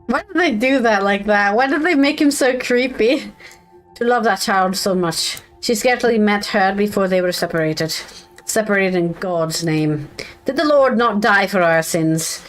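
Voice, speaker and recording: A woman's voice: mid-range voice, lively intonation, moderate pace, soft background music. A woman streamer chatting casually while playing a detective game and reading its dialogue aloud. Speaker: gaming streamer. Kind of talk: casual let's-play commentary.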